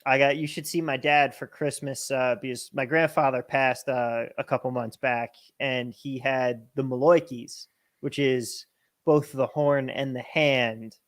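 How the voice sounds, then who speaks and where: A man from New Jersey with a New Jersey accent, co-hosting a casual livestream and telling stories in a joking, animated way. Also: mid-range voice, measured pace. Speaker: co-host.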